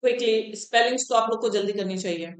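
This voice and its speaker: A woman's voice: a little high, racing, reverberant. A woman with an Indian accent teaching English in an exam-prep class, switching between English and Hindi and often checking in with the students.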